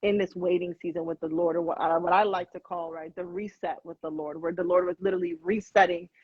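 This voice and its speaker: Energetic woman hosting a faith livestream. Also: fairly low pitch, quick pace, husky, dry recording. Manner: energetic, preachy, repeats words for emphasis. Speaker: live show host. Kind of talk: faith-based live chat. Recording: muffled, lo-fi live stream audio.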